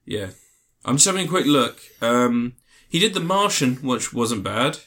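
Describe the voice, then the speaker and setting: A man chatting loosely about movies with a friend. His pitch swings widely and lively as he talks. He swears freely and jumps into goofy impressions. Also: a little slow. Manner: animated, swears freely, breaks into silly put-on voices. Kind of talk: casual film chat.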